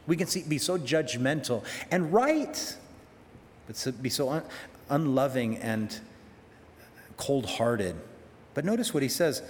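Animated preacher man in a reverberant hall. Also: a little hiss or hum. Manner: animated preaching, acts out quoted prayers with sharp pitch jumps. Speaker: pastor. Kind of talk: sermon.

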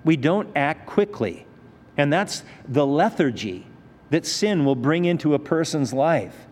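A man's voice: fairly high pitch, expressive, a little slow, darkish tone. Conversational man preaching in an echoing hall. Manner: conversational, with rhetorical questions. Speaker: pastor. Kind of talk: expository sermon. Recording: reverberant hall.

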